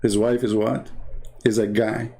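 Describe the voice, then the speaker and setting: This online debater and channel host is a native Arabic speaker from the Middle East with an Arabic accent. His voice is lowish, gravelly and warm, level in tone and measured in pace as he delivers sarcastic, exasperated casual commentary and mocking anecdotes.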